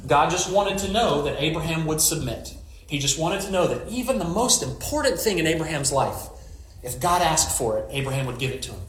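A man's voice: fairly high pitch, animated, brisk, reverberant. A male pastor giving a conversational sermon, retelling scripture with jokes and storytelling asides.

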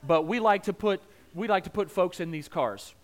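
A man's voice: high-pitched, moderate pace. A man with a Southern American accent preaching a sermon in a folksy, humorous storytelling way, joking with the congregation.

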